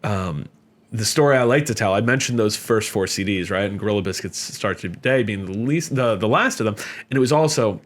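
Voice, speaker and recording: A middle-aged man as a podcast guest, telling stories casually with lots of fillers and animated jumps in pitch whenever he quotes someone. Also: fairly quick. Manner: animated, jumps up in pitch when quoting others; chatty with many fillers. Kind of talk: casual storytelling.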